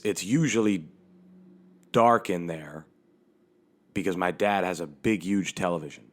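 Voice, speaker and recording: Male comic hosting his own podcast: very low voice, loose and rambling, swears freely, talking into a handheld mic. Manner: rambling and profane, with frequent restarts. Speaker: comedian and podcast host. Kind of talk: casual comedic storytelling. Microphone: handheld microphone.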